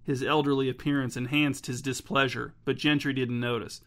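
A man narrating a story in a steady, measured audiobook style. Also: mid-range voice.

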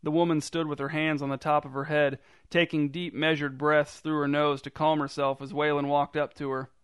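A man reading a story aloud in a dry, deadpan narrating manner. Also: on the high side, moderate pace, clear, resonant tone, dry recording. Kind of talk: scripted narration.

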